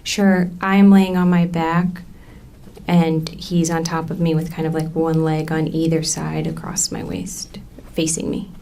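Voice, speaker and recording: A woman in her thirties testifying in a courtroom, halting and full of ums as she recounts what happened. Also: low voice, completely flat delivery, warm tone, slight background noise. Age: 30s. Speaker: trial witness.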